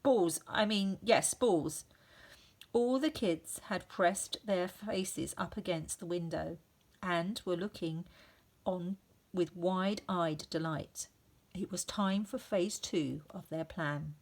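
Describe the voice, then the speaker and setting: A woman teacher reading a children's story aloud, expressive and sounding out the effects. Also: fairly low pitch, takes it slowly.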